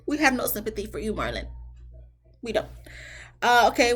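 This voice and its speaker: A woman's voice: a little high, sing-song, moderate pace, husky. A woman giving a casual, slangy recap of a reality show episode, talking straight to her viewers. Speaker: TV show reviewer.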